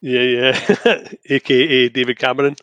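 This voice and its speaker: A man's voice: mid-range voice, steady tone, unhurried, fairly bright tone, clear, resonant tone, no echo. A man co-hosting a podcast, chatting casually with dry, wry asides. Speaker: podcast co-host. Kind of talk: casual chat.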